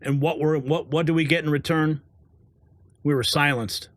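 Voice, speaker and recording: Male commentary host, angry and mocking, slows down to hammer points, somewhat high pitch. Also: fairly even intonation, dry recording, studio quality. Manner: heated, sarcastic, drawn-out emphasis.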